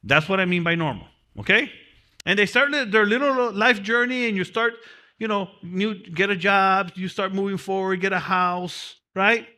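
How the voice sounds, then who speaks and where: A man's voice: high-pitched, moderate pace, sharp tone. A man giving a motivational seminar lecture, repeating and stressing key phrases for his class. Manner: repetitive, emphatic, drills key phrases; speaks from personal experience of prison. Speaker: mentoring class teacher.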